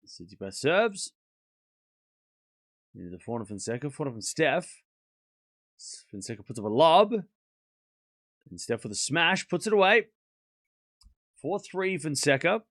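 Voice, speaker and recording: A man's voice: on the high side, big pitch swings, normal speed, pauses often, a bit bright, dry recording. Guy streaming tennis, bouncy voice, dry close sound, joking with chat. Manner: chatty, teasing the chat, calls points as they happen. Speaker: streamer calling a tennis watchalong. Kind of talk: casual live-stream commentary.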